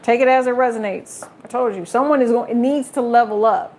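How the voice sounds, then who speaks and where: A woman's voice: a little high, fairly quick, a little mellow, slight background noise. Blunt, chatty woman reading tarot. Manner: candid and blunt, swears freely; chatty, talks straight to viewers. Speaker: tarot reader. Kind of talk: casual tarot reading to camera.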